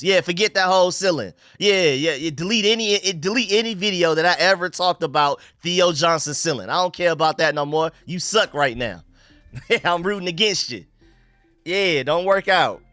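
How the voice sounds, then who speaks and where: A young man from North Carolina with a Southern drawl runs a casual live stream from his room. His voice is bright and crisp, a little higher than most men's, and dry with no room echo. He is animated and slangy and talks right to his viewers. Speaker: sports live-stream host.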